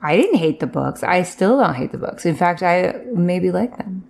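A woman's voice: fairly low pitch, animated, moderate pace, vocal fry, a little mellow. Exclaiming woman podcast co-host. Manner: outraged, exclaiming reactions. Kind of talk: casual book recap chat.

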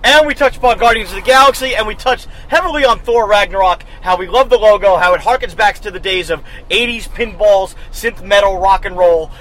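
A man in his thirties co-hosting a podcast, chatting with excited, quick banter while riding in a car. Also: high-pitched, poor audio. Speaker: podcast co-host. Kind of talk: casual chat. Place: inside a moving car.

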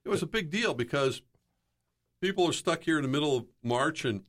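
A man's voice: on the high side, lively intonation, fairly quick, a bit bright. An older man, a sports broadcaster, telling rambling stories in casual chat and taking on voices for quotes. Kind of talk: casual storytelling.

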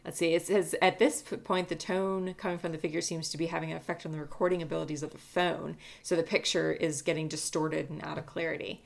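Low gravelly woman telling a story, lots of ums and likes, laid back. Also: fast talker, hardly any pauses. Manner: relaxed, many fillers, reads a transcript aloud. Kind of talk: casual storytelling chat.

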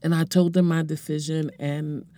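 Someone in their forties shares a heartfelt personal testimony in a warm, medium-pitched voice with little pitch movement. The delivery is emotional and earnest but halting, often stumbling and repeating words while searching for them.

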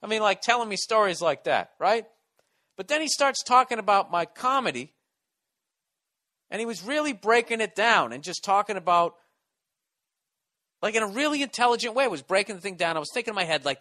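A man's voice: high-pitched, big pitch swings, fairly quick, long pauses, sharp tone. A man, a stand-up comedian, telling a story in a casual, rambling way, swearing constantly and restarting his sentences.

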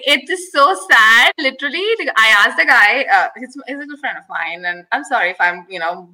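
Laughing, bright-voiced woman. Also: fairly high pitch, lively intonation, a little fast, poor audio. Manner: candid, laughs often, rambling. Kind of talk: casual chat.

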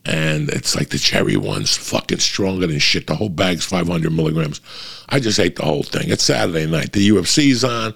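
A man's voice: low-pitched, fairly quick, gravelly, fairly bright tone, breathy edge. A man hosting his podcast, telling a rambling story in casual chat and swearing constantly. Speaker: podcast host.

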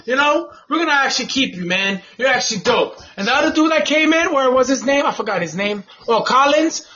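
A man hosting a casual podcast, ranting loudly and profanely with lots of laughter and repetition. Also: extremely high pitch, expressive, fairly quick. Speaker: podcast host. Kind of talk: casual comedic rant. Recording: dull lo-fi sound with noise.

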